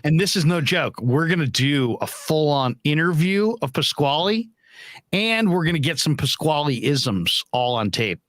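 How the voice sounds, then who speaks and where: Brief: male sports-talk host, fairly high voice, dry studio sound, rambling storyteller. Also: very animated, unhurried, a bit bright, no echo. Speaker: radio show host.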